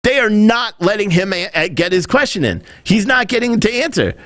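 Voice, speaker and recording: A man's voice: high voice, very animated, normal speed, a bit bright, dry recording, clean studio sound. A man hosting a podcast, giving rambling, opinionated commentary and mimicking other people when he quotes them. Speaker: podcast host.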